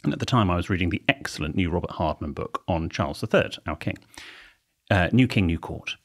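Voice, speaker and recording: A man's voice: low-pitched, animated, a little fast, fairly bright tone, breathy edge. A man co-hosting a comedy podcast, telling wry, rambling anecdotes in casual chat. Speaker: podcast co-host.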